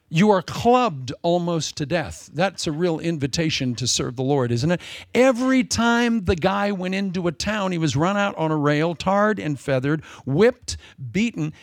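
A man preaching a sermon as pastor, animated and playful, acting out little quoted exchanges. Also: on the high side, creaky, no echo, studio quality.

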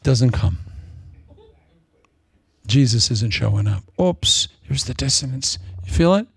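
Animated, gravelly-voiced male preacher. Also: medium pitch, takes it slowly, dry recording. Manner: animated, jokey, acts out quotes. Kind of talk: sermon.

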